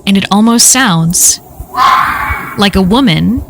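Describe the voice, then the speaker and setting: A woman's voice: medium pitch, slow, shouting, very noisy. A woman reading a first-person horror story aloud in a casual, profane way. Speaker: story reader.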